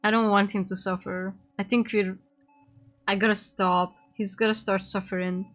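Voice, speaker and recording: A woman's voice: mid-range voice, level tone, normal speed, a bit bright, soft background music. A woman streamer playing a game, reading its text aloud and reacting as she goes. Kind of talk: casual game commentary.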